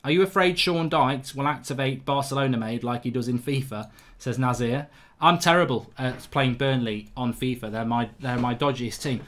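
Man, live football reaction host; exasperated sweary ranting, forceful bright tone. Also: medium pitch, normal speed. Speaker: football fan channel host. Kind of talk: live match reaction commentary.

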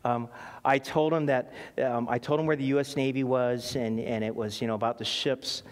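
A middle-aged man preaching a sermon in a conversational, animated way, telling stories with many ums and restarts. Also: mid-range voice, moderate pace. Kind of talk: sermon with personal storytelling. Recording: long hall reverb.

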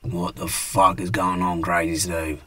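A man's voice: low-pitched, flat delivery, unhurried, pushed and bright, no echo, exaggerated voice. A man voicing an easygoing Australian pub regular in a cartoon, swearing in every sentence. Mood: baffled. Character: laid-back Aussie bloke in high-vis, pub regular. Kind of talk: animated cartoon voice acting.

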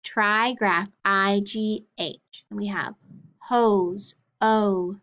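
A woman leading a phonics drill, saying each word and then its sounds and spellings clearly, with short praise. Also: mid-range voice, drawn-out words, a bit bright, highs cut off. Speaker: phonics teacher.

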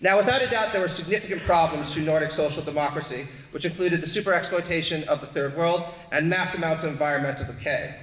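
Male panelist, fairly high voice, earnest argumentative delivery, reverberant hall sound. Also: fast talker, hardly any pauses, a bit bright. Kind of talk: academic panel talk. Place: lecture hall. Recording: echoey hall with long reverb.

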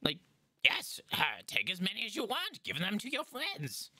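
Man doing a high, wheedling red goblin merchant. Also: huge pitch swings, moderate pace, a loud crowd. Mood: salesy. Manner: fawning sales patter, nervous confessions. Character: scheming red male goblin merchant, salesy.

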